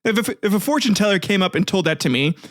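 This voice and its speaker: A man's voice: sits high, lively intonation, fast talker, a bit bright, dry recording, studio quality. A man hosting a casual history podcast, retelling myths with swearing, laughter and jokey asides, often restarting his sentences. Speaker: podcast host.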